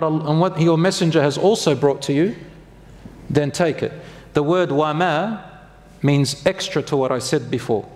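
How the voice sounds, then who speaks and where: A man's voice: a little high, big-room sound. A man preaching a sermon who keeps asking his listeners questions and joking with them. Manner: asks the audience questions, jokes with them.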